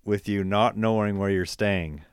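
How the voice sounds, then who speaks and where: A man co-hosting a podcast, chatting casually and teasing his co-host with quick interjections. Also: on the low side, fairly even intonation, clean tone, dry recording. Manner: laid-back, teasing interjections. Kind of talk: casual chat.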